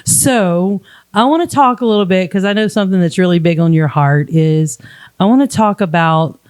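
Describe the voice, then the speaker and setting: A woman hosting a casual faith conversation, chatty and quick to laugh. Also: fairly low pitch, darkish tone, smooth, no room sound. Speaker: podcast host.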